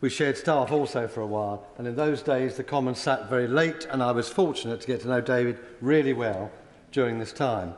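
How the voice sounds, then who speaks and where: An older man, a member of parliament, giving a tribute speech with warm, anecdotal storytelling and chuckles in a parliamentary chamber. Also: mid-range voice, fairly quick. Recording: echoey hall with long reverb.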